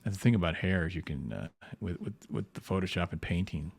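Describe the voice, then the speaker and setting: A man's voice: low-pitched, fast talker, creaky, breathy edge. A man, a comic book artist, talking casually on a livestream while painting, rambling with frequent restarts and lots of "you know".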